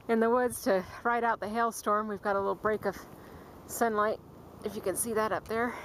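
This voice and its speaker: In low-quality outdoor camcorder audio with steady background noise, a woman narrates her hike on a forest and dune trail. She speaks at medium pitch and a moderate pace, panting, chatting casually, and calling to her dogs through a handheld camera mic.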